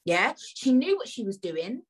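A woman's voice: a little high, sing-song, a little slow, slightly rough, poor audio. A woman hosting a podcast, telling a story in an indignant, emphatic way, swearing freely and talking straight to her listeners. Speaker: podcast host. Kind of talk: casual storytelling rant.

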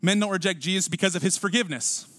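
Man, pastor, sermon, high voice, dry sound, animated delivery. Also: fast talker, no echo. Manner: animated preaching with sudden drops to quiet and acted-out voices.

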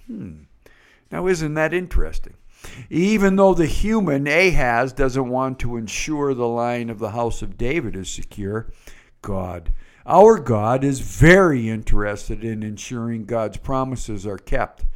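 Male pastor, unhurried storytelling sermon with playful asides. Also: mid-range voice.

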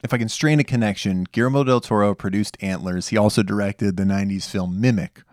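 A man's voice: lowish voice, fairly even intonation, fast, a little mellow, no room sound, studio quality. A man co-hosting a podcast in casual chat, making joking, wry asides. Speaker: podcast co-host.

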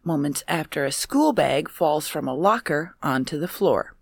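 A woman co-hosting a comedy podcast, reading odd news stories aloud in a measured way. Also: deep voice, lively intonation, vocal fry, husky, no echo, studio quality. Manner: measured story reading, quick to laugh.

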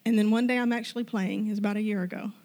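A middle-aged woman telling a personal faith story, animated and self-deprecating, acting out the lines of the people in it. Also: mid-range voice, racing. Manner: animated, self-deprecating, acts out quoted dialogue.

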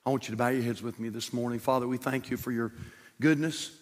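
A male pastor preaching a sermon in a church, telling a story that swings from loud, shouted peaks to hushed, quiet lines. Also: mid-range voice, steady tone, fast. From United States. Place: church sanctuary. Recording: long church reverb.

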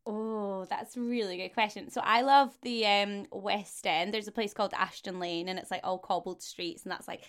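A woman's voice: mid-range voice, steady tone, moderate pace, few pauses, clean tone. A woman in her thirties with a Glaswegian Scottish accent, chatting casually as a podcast guest, laughing often and full of fillers. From Glasgow, Scotland. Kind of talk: casual chat.

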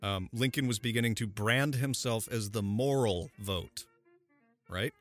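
A man hosting a casual history podcast, chatty and quick to laugh, with plenty of fillers. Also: mid-range voice, faint music behind. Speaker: podcast host.

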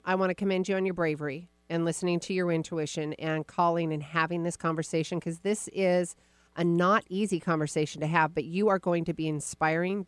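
A woman podcast host coaching a caller live, encouraging and animated, acting out the caller's inner voice. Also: low voice, clean tone, dry recording.

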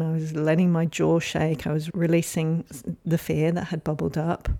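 A woman hosting a solo podcast, speaking in a gentle, caring and reflective way. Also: sits low, vocal fry. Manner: gentle, soft-spoken, caring. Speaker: podcast host.

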